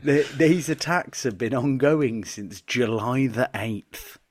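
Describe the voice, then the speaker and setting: A man's voice: mid-range voice, slow, dry recording. A man co-hosting a casual podcast, reading odd news stories aloud, swearing, laughing often and calling his co-host "mate".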